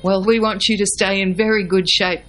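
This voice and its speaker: A woman's voice: mid-range voice, level tone, normal speed, a bit bright. A woman hosting a radio interview, appreciative and friendly with her guest. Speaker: radio host.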